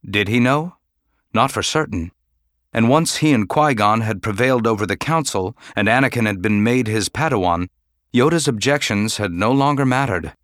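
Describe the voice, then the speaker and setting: Narrating an audiobook, a man keeps his storytelling measured and even in a lowish register. The sound is studio quality, without any echo.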